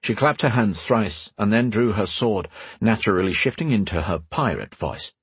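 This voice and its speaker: A man narrating a fantasy audiobook in a steady, measured storytelling manner. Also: on the low side, slightly rough, no room sound.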